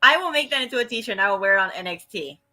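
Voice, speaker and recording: A woman's voice: medium pitch, lively intonation, rapid-fire, sharp tone. A woman co-hosting a casual review chat, opinionated and emphatic. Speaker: co-host.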